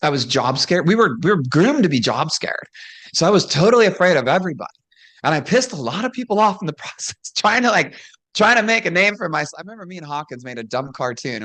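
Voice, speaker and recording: A woman's voice: lowish voice, fairly bright tone. A woman who used to wrestle professionally, chatting casually as a guest. She tells stories frankly, laughs often and acts out quoted dialogue. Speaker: guest, former pro wrestler. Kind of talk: casual chat, storytelling.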